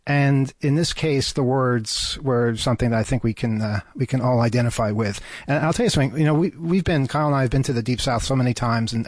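A man's voice: mid-range voice, dry recording. A man hosting an FM radio talk show, speaking in an earnest, hesitant way from a studio. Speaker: radio host.

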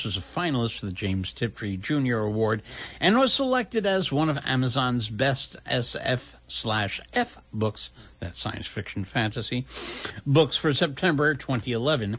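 A male radio host with a husky voice, talking in a chatty way and correcting himself as he goes. His pitch swings widely. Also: a bit bright. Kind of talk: casual radio talk.

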